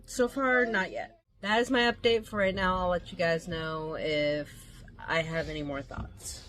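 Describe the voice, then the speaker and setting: A woman's voice: fairly low pitch, fairly even intonation, measured pace. A woman vlogging casually about a book she's reading, rambling and thinking aloud. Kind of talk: casual chat.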